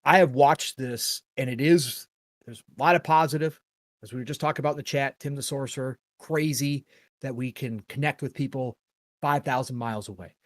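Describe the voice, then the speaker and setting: A middle-aged man with a medium-pitched voice hosts a gaming podcast at a brisk clip, recorded in clean studio quality with no echo. He rambles earnestly, shares strong opinions, and swears casually.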